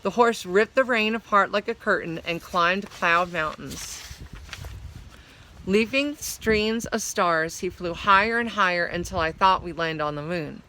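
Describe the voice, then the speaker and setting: Woman storyteller, slightly low and bright, reads aloud and explains words. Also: measured pace. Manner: explains hard words while reading. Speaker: story reader.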